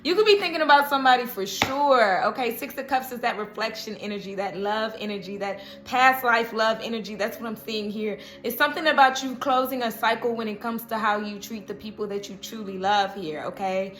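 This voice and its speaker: Bright chatty woman reading tarot. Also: a little high, fairly quick, few pauses, slight background noise. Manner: chatty, laughs often, keeps asking "okay?". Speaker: tarot reader. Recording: roomy echo.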